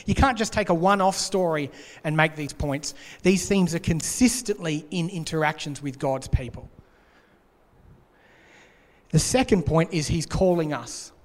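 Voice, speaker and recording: A man's voice: sits high, normal speed. A man preaching a sermon in an earnest way, repeating his key points. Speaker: pastor. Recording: long hall reverb.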